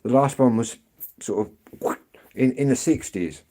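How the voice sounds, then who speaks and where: A man's voice: medium pitch, measured pace, warm tone. Rambling English man chatting on a stream. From England. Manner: rambling, chatty, frequent throat-clearing. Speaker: live-streamer. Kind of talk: casual live-stream chat answering viewers. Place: outdoors on an evening street walk.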